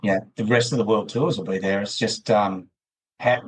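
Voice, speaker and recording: With a husky, fairly low voice, an Australian man talks at normal speed and fairly even intonation on a rough recording. As a podcast guest in casual interview chat, he rambles on at length, full of restarts and fillers.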